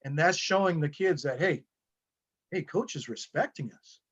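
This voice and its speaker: A male high school wrestling coach, a podcast guest, telling stories in a loose, rambling way full of fillers and restarts. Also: expressive, moderate pace, a bit bright, slightly rough. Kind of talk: casual conversational storytelling. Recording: dull lo-fi sound.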